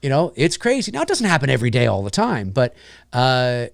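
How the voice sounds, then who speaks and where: A man's voice: medium pitch, huge pitch swings, a little fast, vocal fry, no room sound, clean studio sound. A man hosting a live stream, ranting casually with lots of swearing and mocking voices. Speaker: host of a live stream show.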